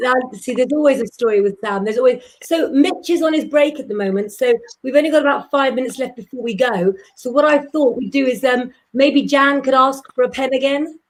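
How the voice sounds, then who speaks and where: A woman's voice: high voice, brisk, few pauses, poor audio. A woman hosting a casual live chat, talking in a playful, rambling way and tripping over her words. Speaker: host.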